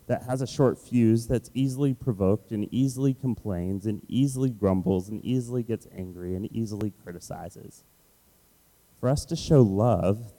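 A man preaching a sermon, telling a personal story in an animated way and acting out his own frustration. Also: on the low side, low-quality recording. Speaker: pastor. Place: Washington, D.C.

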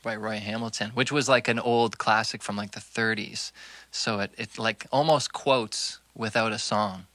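A man's voice: on the low side, steady tone, normal speed, sharp tone, dry recording. A man, a guest musician, chatting casually between songs in a basement, loose and thoughtful, laughing often.

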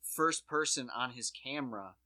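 Podcast co-host, casual chat, swears a lot, acts out quotes, bright tense voice. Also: mid-range voice, normal speed.

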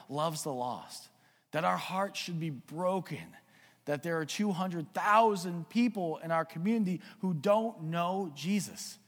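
Man, pastor, sermon, earnest and urging, animated storyteller, fairly high voice, long hall echo.

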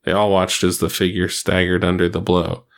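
A man narrating an action story aloud in a steady, plain reading voice. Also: deep voice, normal speed, vocal fry. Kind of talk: reading fan fiction aloud.

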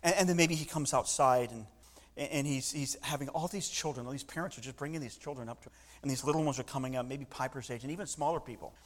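A man preaching a sermon, animated and full of restarts, acting out the voices of people in the story. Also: medium pitch, fast. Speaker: pastor.

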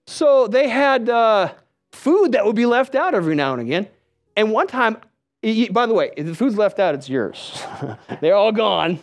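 A man preaching a sermon, telling stories with lively delivery and calling out questions to the congregation. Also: extremely high pitch. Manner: storytelling, animated, calls out to the crowd.

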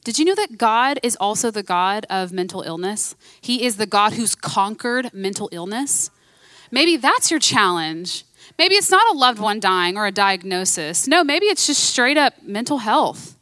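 A woman's voice: medium pitch, expressive, measured pace, bright, forceful tone, no echo. A woman preaching a sermon in a conversational, emphatic way, repeating her key phrases.

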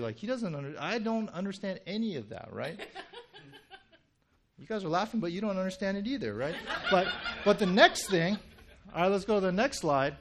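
A young male pastor speaks from the front of a church in a relaxed, joking sermon style. His voice sits slightly higher than most men's, and he talks loosely, full of fillers and quick asides to the congregation. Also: slight background noise. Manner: chatty and animated, heavy "you know" and "right?" fillers, jokes with congregation. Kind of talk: casual conversational sermon.

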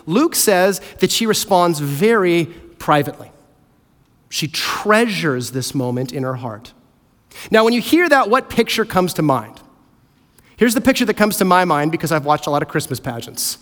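A man preaching a sermon as pastor, animated and playfully acting out characters. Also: high-pitched, normal speed. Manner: animated, acts out voices of characters. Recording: hall reverb.

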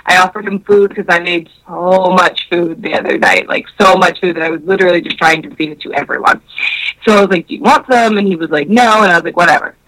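A woman in casual podcast chat, loud and profane, retelling a date with many fillers and acting out both sides of the conversation. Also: lowish voice, fast talker, poor audio. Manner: animated storytelling that acts out both sides of a conversation.

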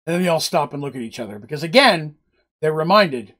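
A man recounting a tabletop adventure to his stream audience in a chatty, animated way. His voice is husky and slightly high, swinging widely in pitch as he tells it. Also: fast. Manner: animated, chatty, asides to chat. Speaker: storyteller recapping a game. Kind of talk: casual storytelling on a live stream.

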